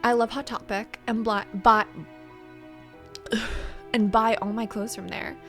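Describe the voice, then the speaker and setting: A woman's voice: fairly high pitch, little pitch movement, slow pace, fairly bright tone, soft background music. A young woman reading a fan story aloud, with sarcastic, playful asides. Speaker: YouTuber. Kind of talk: reading a fanfic aloud with comedic commentary.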